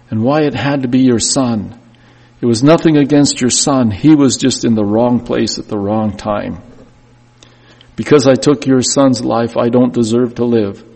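A man's voice: medium pitch, warm tone. A man reading a sobbing young killer's plea. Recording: long church reverb.

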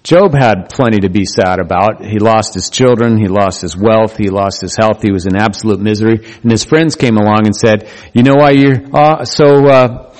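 A man preaching a sermon in a conversational, animated way, acting out the voices he quotes. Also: on the low side, moderate pace, few pauses. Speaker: pastor. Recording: long hall reverb.

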